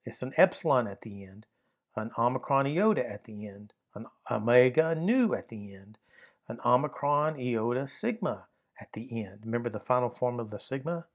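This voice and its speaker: Male teacher, mid-range voice, patient, methodical classroom explainer. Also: medium pitch. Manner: patient, methodical, repeats key points. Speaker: Greek grammar teacher.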